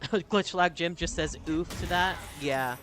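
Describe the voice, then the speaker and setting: A man's voice: on the high side, measured pace, fairly bright tone, faint music behind. A man streaming a video game, chatting casually, laughing often and reading viewer messages aloud. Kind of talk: casual live-stream chat over gameplay.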